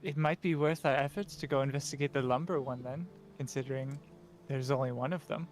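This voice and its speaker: A man's voice: mid-range voice, steady tone, a little fast. A man playing a tabletop game, reasoning aloud in a hesitant way. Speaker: player. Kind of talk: casual table talk.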